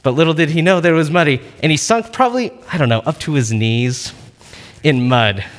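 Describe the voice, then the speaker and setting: A man's voice: a little high, animated, brisk. Chatty male preacher with long reverb. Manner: conversational, storytelling, many fillers. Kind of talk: casual sermon.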